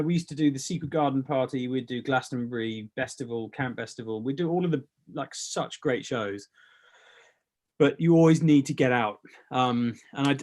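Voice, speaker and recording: A man with a medium-pitched voice tells stories about his past in a relaxed interview. He rambles, restarts phrases and swears casually as he goes. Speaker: brand founder, guest.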